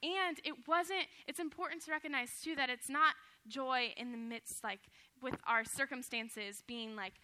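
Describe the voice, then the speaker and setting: A young woman with a high, very bright voice shares a personal testimony in sermon form. She speaks earnestly and from the heart, in a casual way full of fillers. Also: moderate pace.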